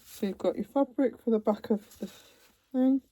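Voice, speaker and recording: A woman's voice: fairly high pitch, normal speed, warm tone, a little hiss or hum. A woman vlogging at home, chatting casually as she unpacks a cross-stitch kit, with trailing asides. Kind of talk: casual chat while unboxing. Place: home, seated in a computer chair.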